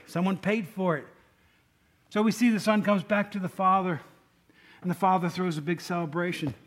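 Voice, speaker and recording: Middle-aged male pastor with a high voice, chatty sermon delivery that keeps asking the congregation questions. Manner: conversational, asks the congregation questions.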